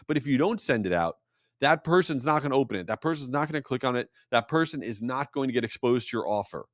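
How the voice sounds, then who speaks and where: Animated, jokey male podcast host. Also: mid-range voice, fast, no echo, clean studio sound. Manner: animated, jokey storytelling with self-deprecating asides. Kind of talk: solo podcast monologue.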